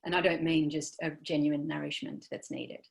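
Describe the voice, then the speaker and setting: A woman giving a dharma talk as a meditation teacher, gentle and searching, trailing off softly with many fillers. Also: low voice, level tone, normal speed, vocal fry.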